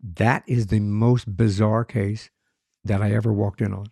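A man's voice: lowish voice, flat delivery, unhurried, warm tone, no echo, clean studio sound. A man, a former police officer, talking in casual chat and often repeating words as he searches for what to say.

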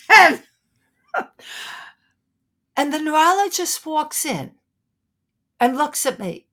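An older woman from Brooklyn with a New York accent, a guest telling her stories with animated flair and frequent laughter. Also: high-pitched, a little slow, pauses often. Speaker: guest, psychic detective. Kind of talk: animated storytelling in conversation.

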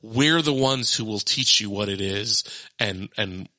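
A man's voice: on the low side, measured pace, no room sound. A man in his thirties telling a family story in casual chat, acting out quotes and laughing often. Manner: animated, laughing, acts out quotes.

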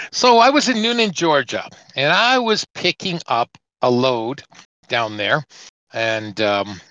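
A man's voice: mid-range voice, slow, pushed and bright, dry recording, highs cut off. A trucker man co-hosting a casual podcast, spinning a long story and acting out each quoted exchange. His voice is close to the mic and dry. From Canada. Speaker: truck driver and podcast host.

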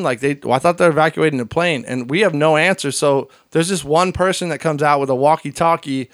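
Guest spot: lively man with a slightly high voice, dry close sound, animated teller who does voices. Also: a little fast, hardly any pauses, no room sound. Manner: animated, acts out other people's voices; swears casually, lots of fillers. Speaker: podcast guest. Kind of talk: casual storytelling chat.

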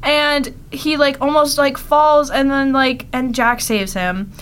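Retelling episode storylines on a relaxed podcast, a young co-host giggles often and uses plenty of fillers. She speaks slowly in a high voice with fairly even intonation, and a faint hiss or hum is audible.

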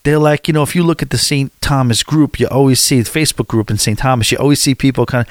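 A man's voice: mid-range voice, fairly even intonation, fast talker, no room sound, studio quality. Candid rambling man telling a story. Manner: rambling, candid, talks straight to the viewer. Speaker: travel storyteller. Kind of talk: casual anecdotal storytelling.

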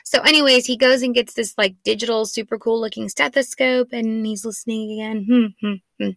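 A woman's voice: a little high, steady tone, fairly quick, a bit bright, no echo. A woman in her thirties, a mother of four, telling a family story in a chatty, rambling, self-deprecating way with lots of "like". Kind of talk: casual storytelling podcast.

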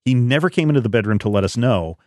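A man's voice: mid-range voice, animated, fast talker, a little mellow, no room sound, studio quality. A middle-aged man hosting a podcast, telling a rambling story in casual chat with many fillers. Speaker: podcast host.

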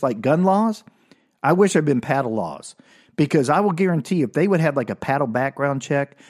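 A man hosting his own podcast, telling a childhood story in a comic, self-mocking way and laughing often. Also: mid-range voice. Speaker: podcast host.

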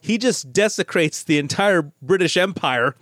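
A middle-aged American man co-hosting a casual movie podcast, chatty and animated, often restarting his sentences. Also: high voice, normal speed, no echo, clean studio sound. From United States. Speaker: podcast co-host.

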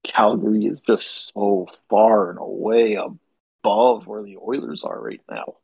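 Husky, gravelly podcast man, dry sound. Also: lowish voice, fairly even intonation, unhurried, a little mellow, no echo, rough recording. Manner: opinionated, teasing. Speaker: podcast co-host. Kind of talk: casual sports podcast chat.

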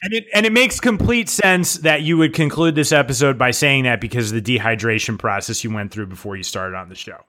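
A man's voice: medium pitch, brisk, hardly any pauses, pushed and bright. A man hosting a podcast, upbeat as he wraps up the episode with a sign-off. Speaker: podcast host. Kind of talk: casual chat and scripted outro.

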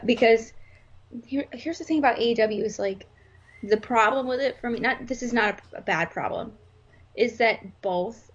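Podcast co-host, woman, husky, rambling and jokey, lo-fi audio. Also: on the high side, moderate pace. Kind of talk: casual wrestling podcast chat. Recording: slightly dull lo-fi sound.

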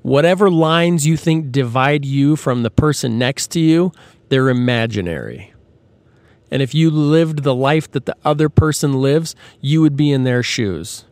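A man's voice: mid-range voice, darkish tone, dry recording. A man hosting a podcast, talking through a casual, earnest monologue with frequent fillers and restarts. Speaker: podcast host.

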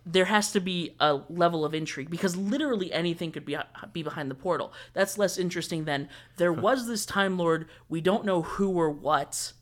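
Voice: mid-range voice, a little fast, few pauses. Young adult, podcast guest, reviewer, thoughtful, explanatory, casual chat. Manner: thoughtful, explanatory, with frequent fillers. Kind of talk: casual fan discussion.

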